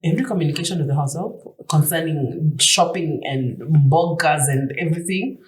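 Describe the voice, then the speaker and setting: A Kenyan woman in her thirties, co-hosting a podcast, telling animated stories in casual chat and mixing in Swahili words. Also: deep voice, normal speed. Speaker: podcast co-host. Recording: echoey room.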